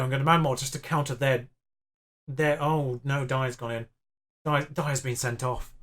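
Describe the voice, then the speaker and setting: A young man on a gaming YouTube channel commentates on his own football management game in a slightly high voice. He's excitable and self-mocking, pleading with the players on screen.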